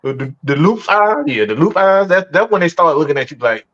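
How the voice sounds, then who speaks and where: A man's voice: fairly high pitch, sing-song, a little fast, fairly bright tone. A man hosting a live post-game reaction show, ranting with heavy swearing and stammered restarts. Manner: profane and exasperated, stammering restarts. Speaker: sports podcast host. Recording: dull lo-fi stream audio.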